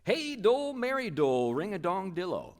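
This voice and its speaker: Tom Bombadil, a man doing a high jolly old singer. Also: very animated, measured pace, vocal fry, pushed and bright, heavily acted. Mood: singing merrily. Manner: sing-song, bouncy rhyming delivery. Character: jolly old man, merry rhyming forest dweller.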